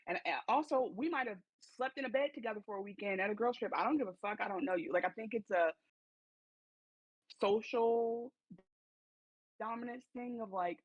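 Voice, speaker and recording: A woman's voice: mid-range voice, lively intonation, a little fast, slightly rough, muffled recording. A woman co-hosting a podcast, giving blunt opinions in slangy casual chat with lots of fillers. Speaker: podcast co-host.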